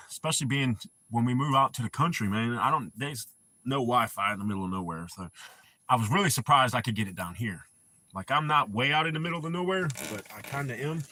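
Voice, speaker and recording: Bright-voiced laid-back middle-aged man. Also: medium pitch, animated, a little fast, dry recording. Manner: laid-back, swears freely, laughs often. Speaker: livestream host. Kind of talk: casual live-stream chat.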